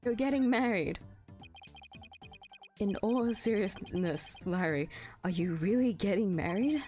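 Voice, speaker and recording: A woman reading the lines of a dry, weary middle-aged male lawyer from a visual novel, in a calm, slightly lowered voice. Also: measured pace, soft background music, close to an everyday voice.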